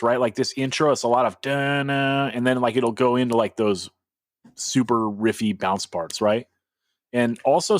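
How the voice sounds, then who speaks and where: A man co-hosts a music podcast in a loose, rambling way. He swears casually and leans on fillers like "like" and "you know". His voice sits at an ordinary pitch and sounds dry and close, with no room around it. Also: no echo. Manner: loose and profane, heavy on filler words. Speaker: podcast co-host. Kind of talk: casual chat.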